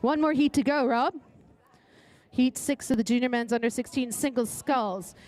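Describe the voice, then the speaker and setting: A woman co-commentates a live regatta in a slightly raised voice. She chats easily about the athletes and quickly flags trouble on the course. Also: on the high side, a little mellow. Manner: chatty, adds background on athletes and flags incidents.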